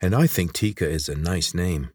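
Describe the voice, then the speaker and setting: A man's voice: deep voice, normal speed, a little mellow, breathy edge, no room sound, studio quality. A man voicing a cautious, bewildered young boy in a read-aloud story, asking earnest questions. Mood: earnest, unsure.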